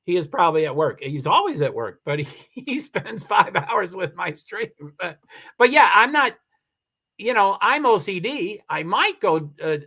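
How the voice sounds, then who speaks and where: A man with a slightly higher voice hosts a casual livestream over a computer mic. He rambles and restarts his sentences as he answers viewer comments, upset and close to tears. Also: sing-song, normal speed, sharp tone. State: emotional, near tears. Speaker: livestream host. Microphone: computer mic for a live stream.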